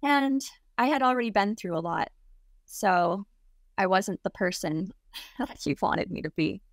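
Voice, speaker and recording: A woman's voice: mid-range voice, measured pace, dry recording, clean studio sound. Chatty young woman telling a wild story. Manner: chatty, heavy use of "like" fillers. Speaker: interview guest. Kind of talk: casual storytelling.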